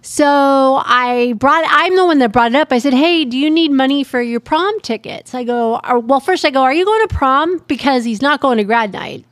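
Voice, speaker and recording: A woman's voice: high-pitched, normal speed, few pauses, dry recording, clean studio sound. A middle-aged woman co-hosting a casual podcast chat, telling a family story and quoting others. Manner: chatty storyteller, quotes others. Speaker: podcast co-host.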